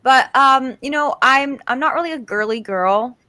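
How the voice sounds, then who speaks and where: A woman's voice: high-pitched, moderate pace, sharp tone, no room sound. A woman guest in a casual interview, chatty and laughing often. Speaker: guest, author.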